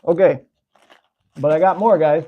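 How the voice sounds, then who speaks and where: A man's voice: fairly high pitch, normal speed, narrow, tinny audio. An American man hosting a slingshot channel, chatting casually with viewers and answering their comments while tasting candy. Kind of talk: casual live-stream chat, tasting candy.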